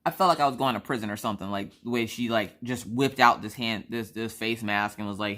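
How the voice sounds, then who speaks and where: A woman's voice: a bass voice, brisk, hardly any pauses, fairly bright tone. A woman from South Carolina, a craft vlogger, telling an anecdote in a chatty, blunt way. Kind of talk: casual storytelling chat.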